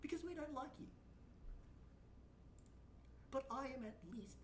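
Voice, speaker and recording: Ranting, swearing woman streamer with a lively voice. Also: sits high, unhurried, long pauses, roomy sound, recorded from a distance, noisy background. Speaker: VTuber streamer. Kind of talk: profane reaction commentary.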